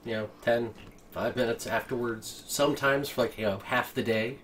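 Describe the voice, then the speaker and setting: A man's voice: medium pitch, steady tone, moderate pace, a bit bright. Man rambling from a distant mic. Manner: rambling storyteller, retells movie scenes with many restarts. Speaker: podcast co-host. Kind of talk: casual chat. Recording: distant mic with faint ambient noise.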